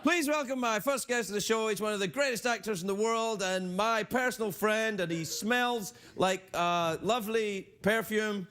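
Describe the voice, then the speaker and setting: A man's voice: normal speed, few pauses, a bit bright, soft background music. A man voicing a hyperactive, scatterbrained male puppet host with a put-on Scottish accent, doing late-night comedy. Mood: giddy. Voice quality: high, giddy, arm-waving, scatterbrained. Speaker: talk show host.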